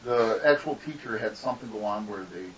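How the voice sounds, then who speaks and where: A man's voice: lowish voice, a little fast. A man, a guest artist, telling rambling, profane stories in a casual podcast interview. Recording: distant, dull lo-fi mic with faint hiss.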